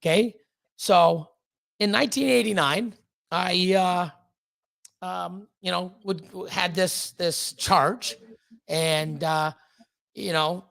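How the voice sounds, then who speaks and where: High gravelly man telling a rambling story. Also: dry recording. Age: 50s. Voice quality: profane, rambling, animated when retelling quotes. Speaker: guest. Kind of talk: casual storytelling on a live stream.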